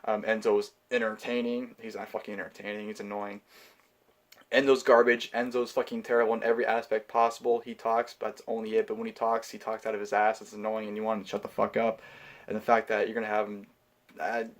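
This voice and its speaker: A man giving a casual, heated review of a wrestling show, swearing often and filling pauses with ums. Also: lowish voice, little pitch movement. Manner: profane, heated ranting; frequent filler words and restarts. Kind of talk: casual pay-per-view review.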